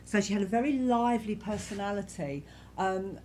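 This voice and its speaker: A woman serving as a spiritualist medium, speaking softly and reassuringly to a congregation in a church, repeating herself often. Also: medium pitch, expressive, normal speed, slight background noise. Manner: gentle, reassuring, repetitive, many "you know"s. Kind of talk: giving spirit messages to a congregation.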